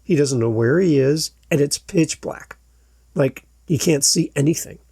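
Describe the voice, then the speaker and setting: Man, podcast host, husky, slightly high voice, lively storytelling, dry sound. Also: unhurried, no echo. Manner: animated storyteller, acts out quoted shouts. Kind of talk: storytelling monologue.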